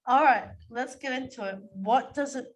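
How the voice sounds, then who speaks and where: A woman's voice: sits high, normal speed, low-quality recording. An Australian woman in casual chat as co-host, talking earnestly and chattily, with quoted asides.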